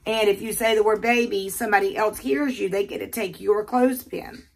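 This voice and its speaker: An older woman from the American South with a Southern accent, chatting casually and talking fast while she unboxes jewelry in her quiet bedroom. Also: medium pitch, fairly even intonation, creaky, slightly rough.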